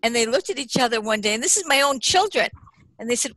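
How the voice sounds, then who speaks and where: A mother and teacher telling an amused story in an animated, chatty way. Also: fairly high pitch, quick pace, dry recording, poor audio. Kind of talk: casual storytelling.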